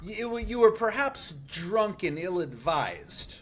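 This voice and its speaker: A man hosting a podcast from a room in a shared home, talking in a measured, gently probing therapist tone. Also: sits high, sing-song. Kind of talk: casual podcast chat.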